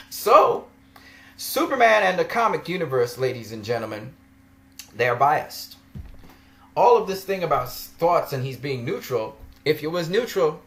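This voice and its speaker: A man vlogging a ranting commentary, argumentative and mocking, laughing often as he makes his case. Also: on the high side.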